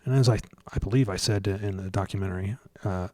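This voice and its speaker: A man telling a story in a casual interview, stumbling over restarts and fillers and getting animated as he retells scenes. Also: lowish voice, dry recording, studio quality. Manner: halting, many restarts and fillers. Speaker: guest researcher.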